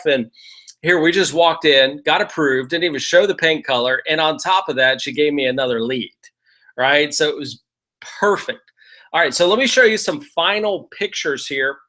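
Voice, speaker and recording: A middle-aged man teaches through a story in a loose, conversational way. His voice sits a little high and sounds bright and forceful, and he keeps checking in with his listeners as he goes. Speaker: real estate investor teaching. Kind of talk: casual storytelling lesson.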